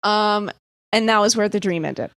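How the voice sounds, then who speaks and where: A woman's voice: medium pitch, moderate pace, fairly bright tone, dry recording, clean studio sound. A young woman from the East Coast telling a dream story in casual podcast chat, full of "like" and freely swearing. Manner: rambling, filler-heavy, swears freely. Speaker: podcast guest.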